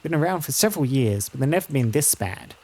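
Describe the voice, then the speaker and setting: A fretful farm wife from a fantasy game, polite and hesitant with strangers, as a man puts her on. Her voice is pitched a bit higher than an ordinary man's. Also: animated, fast, darkish tone. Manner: nervous, deferential.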